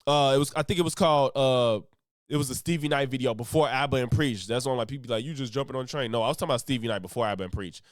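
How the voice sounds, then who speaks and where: A man's voice: mid-range voice, racing, no room sound. A man streaming his reaction to a video, talking loosely, swearing and laughing often. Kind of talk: casual reaction commentary.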